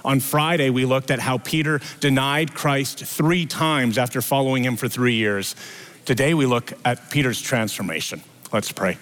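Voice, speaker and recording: A man's voice: moderate pace, a bit bright. A male pastor preaching an Easter sermon at a church service, telling the story with acted-out dialogue. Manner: storytelling, acts out quoted dialogue with lifted pitch.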